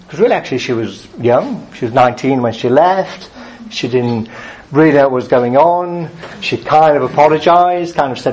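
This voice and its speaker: Chatty preacher, lo-fi recording. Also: male voice, medium pitch, normal speed, a little hiss or hum. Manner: conversational, animated, acts out angry drivers. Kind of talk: sermon. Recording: dull lo-fi sound.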